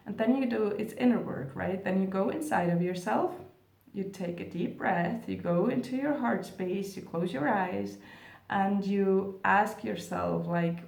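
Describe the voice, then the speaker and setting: A woman's voice: medium pitch, vocal fry, a little mellow, echoey room, recorded from a distance. A woman coaching viewers through steps in a casual talk to camera. She is chatty, corrects herself as she goes, and acts out the reactions she quotes. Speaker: spiritual coach.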